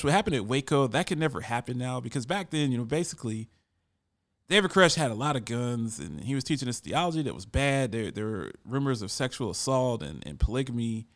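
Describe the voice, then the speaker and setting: Bright-voiced man, casual storytelling. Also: mid-range voice. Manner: conversational, often repeats words when restarting.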